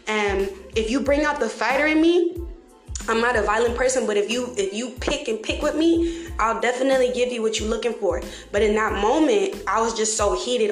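A woman candidly telling her own story to the camera, blunt and heavily profane, with dark humor. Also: mid-range voice. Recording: echoey room with faint music.

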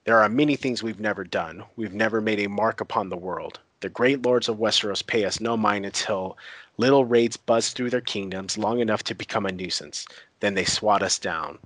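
A man takes the part of a proud young woman claiming a throne, declaiming with determination. He keeps his own low voice, dry and close. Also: normal speed, a bit bright, no room sound.

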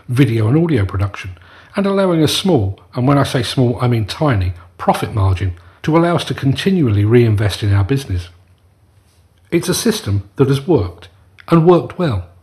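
A middle-aged man hosts his own podcast and reads a prepared rant. He sounds furious and stresses his points hard. His voice sits at an ordinary middle pitch. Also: darkish tone. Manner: angry, emphatic ranting delivery. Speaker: podcast host. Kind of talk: scripted podcast monologue.

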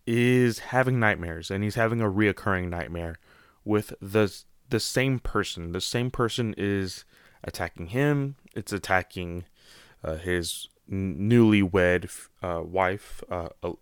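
A man's voice: on the low side, unhurried, clean tone, no echo, clean studio sound. A man giving a casual spoken comic book review, rambling and often saying "you know.".

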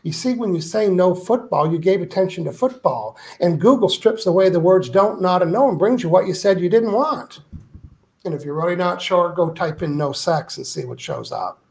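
A man's voice: high voice, animated, moderate pace. A man speaking as a guest author in an interview, emphatic and playful, acting out quoted complaints. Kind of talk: animated interview talk.

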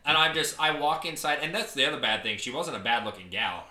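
Lively bright-voiced young man telling a story. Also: a little high, fast talker, echoey room. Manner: joking, swears freely, acts out quotes. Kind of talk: casual storytelling chat.

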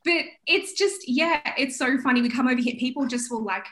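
Australian woman guest author, light higher voice, chatty, self-mocking. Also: brisk. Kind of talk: casual podcast interview.

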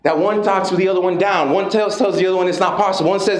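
A man giving an energetic, profane motivational talk to a live audience, calling out to the crowd. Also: high voice, fast talker, hardly any pauses. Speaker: motivational speaker. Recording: echoey room with background noise.

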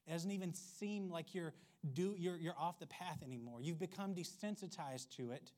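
A man's voice: a little high, moderate pace, a little mellow. A man preaching a sermon in a conversational, wry way, with playful asides. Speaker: pastor.

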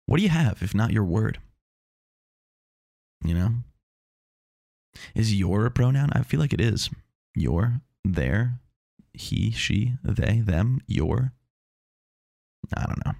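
A man's voice: lowish voice, animated, slow pace, vocal fry, long pauses, a little mellow, no echo, studio quality. A man hosting a casual solo talk, rambling and self-mocking with meandering asides.

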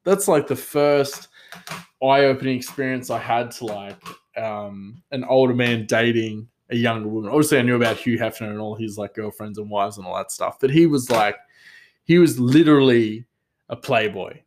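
A man's voice: mid-range voice, normal speed, slight background noise. A man hosting a solo talk show, rambling casually with many fillers and restarts. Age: adult father. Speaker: podcast host.

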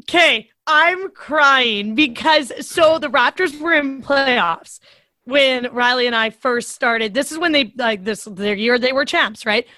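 Bright high-voiced woman chatting. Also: slow pace, no room sound. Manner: animated storytelling, laughs often, swears casually. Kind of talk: casual chat.

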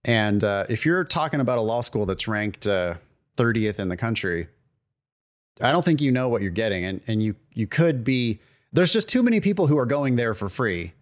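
A man co-hosts a casual podcast, talking in a loose, chatty way. He jokes and drops quick asides as he goes. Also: medium pitch, animated. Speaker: podcast co-host.

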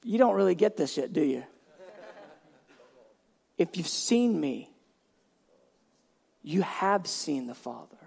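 A man voicing a calm adult male teacher who gently teases, soft and amused. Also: fairly high pitch, slow, gravelly, long pauses, husky, big-room sound, voice pushed down, heavily acted. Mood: gentle.

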